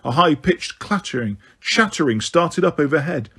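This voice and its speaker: Male audiobook narrator, steady read with a higher pitch. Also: moderate pace, slightly rough. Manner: steady reading with occasional slips and restarts. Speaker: audiobook reader.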